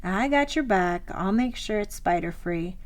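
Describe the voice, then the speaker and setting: A woman's voice: mid-range voice, lively intonation, unhurried, lightly acted. A woman reading the lines of an affectionate, easygoing husband who jokes and reassures, in an audiobook memoir. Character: affectionate adult male husband, easygoing and teasing.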